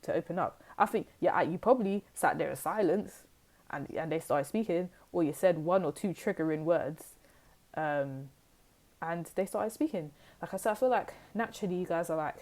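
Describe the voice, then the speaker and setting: A woman's voice: lowish voice, normal speed, a little mellow. A woman giving a casual, rambling tarot reading to her viewers, full of fillers and asides. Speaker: tarot reader.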